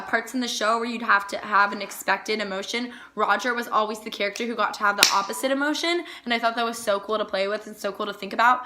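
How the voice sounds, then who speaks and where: A woman's voice: mid-range voice, bright, forceful tone. A young woman chatting casually on a vlog, gushing with lots of "like" fillers. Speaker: vlogger. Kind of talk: casual chat.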